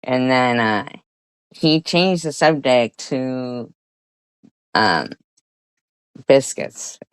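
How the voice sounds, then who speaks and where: A woman's voice: a bass voice, animated, extremely slow, clean tone, no echo. A woman vlogger casually telling a rambling story, swearing and laughing often.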